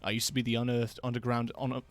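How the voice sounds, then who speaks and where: A man voicing a jaded, world-weary male newspaper writer in a game, using an attempted British accent and a dry, low-energy, sardonic delivery. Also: completely flat delivery, fast, faint music behind, lightly acted.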